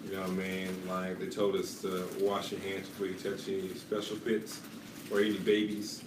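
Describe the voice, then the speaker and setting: A man's voice: sits low, completely flat delivery, moderate pace. A man co-hosting a casual podcast, drawling and teasing while eating hot chicken. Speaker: podcast co-host. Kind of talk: casual chat. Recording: echoey room, distant mic, audible noise.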